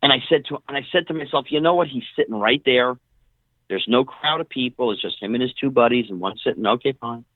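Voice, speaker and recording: A middle-aged man, a guest on an interview show, telling casual stories in an animated way and acting out what other people said. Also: mid-range voice, dry recording. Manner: animated storyteller who acts out quoted dialogue. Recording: tinny phone-line audio, dry.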